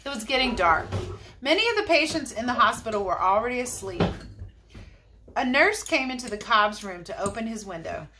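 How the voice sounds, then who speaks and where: A woman teacher reading a chapter book aloud, in an expressive, lively way. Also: fairly high pitch, normal speed, background noise. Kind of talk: storybook read-aloud.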